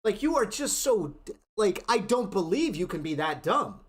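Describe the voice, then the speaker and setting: A man's voice: sits high, sing-song, moderate pace. A man streaming live, ranting in an exasperated, profane way, often restarting his sentences. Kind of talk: heated livestream rant.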